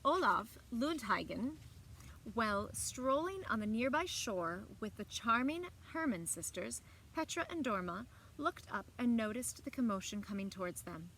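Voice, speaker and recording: Librarian, woman, story-time reader; bright, animated, expressive. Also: a little high, unhurried, a little hiss or hum. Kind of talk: children's story time read-aloud.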